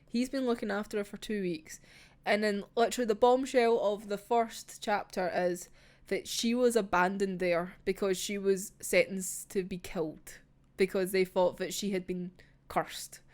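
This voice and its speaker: A young Scottish woman chatting casually about a manga in an animated, gushing way, swearing freely. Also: mid-range voice, moderate pace. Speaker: manga reviewer. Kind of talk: casual chat.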